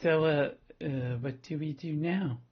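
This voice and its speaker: A woman's voice: low-pitched, a little slow, husky, dull audio. A man doing a stammering nervous young woman. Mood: unsure. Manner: stammering, unsure.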